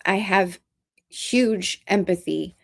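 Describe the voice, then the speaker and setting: A woman speaks in a casual commentary vlog, earnest and emotional, her delivery halting with restarts. Her voice sits at a middling pitch with a gravelly, fry-laden texture. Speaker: vlogger.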